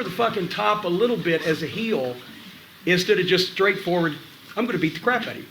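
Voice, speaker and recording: A man's voice: high-pitched, expressive, fairly quick, a bit bright, slight background noise. A middle-aged man coaching wrestlers in a gym, blunt and profane, mixing advice with wry stories. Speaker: wrestling trainer giving a seminar.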